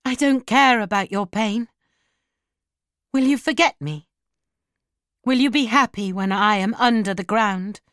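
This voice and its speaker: A woman's voice: fairly high pitch, measured pace, long pauses, a bit bright, no room sound, clean studio sound, pitched above the performer's own voice. A woman reading an audiobook and voicing a dying young woman, wild, pleading and desperate.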